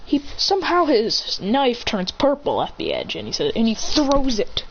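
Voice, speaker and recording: A woman's voice: fairly high pitch, wildly swooping pitch, moderate pace, husky. Rambling woman telling a fan story. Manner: rambling, self-correcting. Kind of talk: improvised fan story narration. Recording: dull lo-fi recording.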